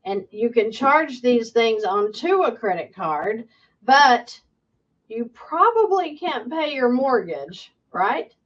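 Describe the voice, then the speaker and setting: A woman's voice: on the high side, big pitch swings, slow pace, muffled recording. A woman, a financial coach, answers viewer questions emphatically and keeps checking in with "okay?". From United States.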